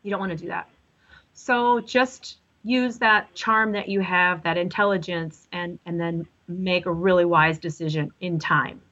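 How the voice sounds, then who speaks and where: A woman's voice: lowish voice, fairly even intonation, unhurried, a bit bright, muffled recording. A woman giving live psychic readings to callers, chatty and rambling, often correcting herself. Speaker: psychic reader.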